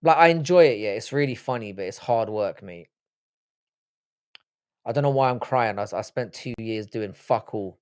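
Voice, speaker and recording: A man's voice: lowish voice, normal speed, darkish tone, clear, resonant tone. Tired man chatting on stream. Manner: swears freely, rambling with restarts. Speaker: livestream host. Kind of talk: casual live-stream chat.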